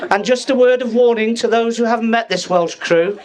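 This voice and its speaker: With an extremely high-pitched yet darkish voice, a man in his fifties gives a jokey father-of-the-bride speech at a wedding reception. He teases the guests and pauses for laughs.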